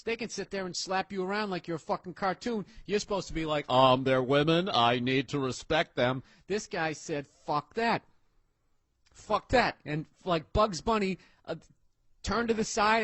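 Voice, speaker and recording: A man telling a profane story on stage as a stand-up comedian, loud and swearing, acting out the characters he talks about. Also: high voice, no room sound.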